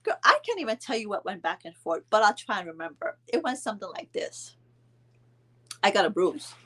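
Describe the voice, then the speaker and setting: A woman's voice: mid-range voice, very animated, a little fast, pushed and bright. A middle-aged woman telling a story to camera, retelling a family feud with indignant quoted dialogue and mild cursing. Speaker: storyteller vlogger. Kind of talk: casual storytime vlog.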